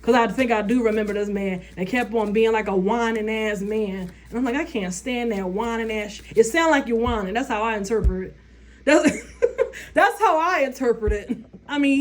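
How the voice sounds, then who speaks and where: A woman vlogger, giving blunt, profane opinions in a casual rant and laughing often. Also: on the high side.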